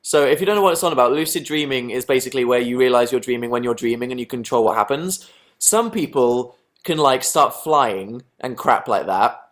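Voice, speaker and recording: A man's voice: mid-range voice, lively intonation, a little fast. Self-deprecating British young man. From England. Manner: self-deprecating, rambling, answers chat. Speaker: livestream host. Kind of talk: casual livestream chat.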